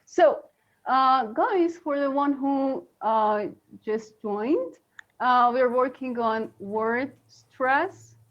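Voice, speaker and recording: A woman co-hosting a live online English lesson, talking slowly with many fillers over a video call. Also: sits high, expressive. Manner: slow, halting, many fillers. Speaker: co-host English teacher. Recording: dull lo-fi stream audio.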